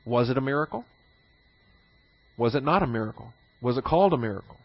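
Male Bible teacher, mid-pitched voice, deliberate and repetitive, dry close recording. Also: expressive, no room sound, dull audio. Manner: repeats key phrases for emphasis; poses rhetorical questions.

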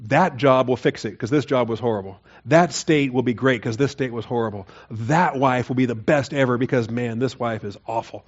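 A man's voice: mid-range voice, moderate pace, hardly any pauses, muffled recording. Man preaching a conversational sermon. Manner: conversational, rising to emphatic mock-quoting. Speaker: pastor. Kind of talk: expository sermon.

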